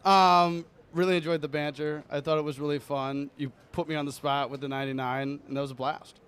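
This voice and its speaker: A man's voice: fairly high pitch, level tone, a little fast, fairly bright tone. A young man joking and teasing on a live dating show, laughing often. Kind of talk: joking live date banter. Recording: live audience crowd noise. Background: live audience crowd.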